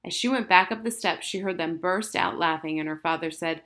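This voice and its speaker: Audiobook narrator, woman, fairly low voice, steady expressive reading. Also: a little fast, few pauses. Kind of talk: scripted narration.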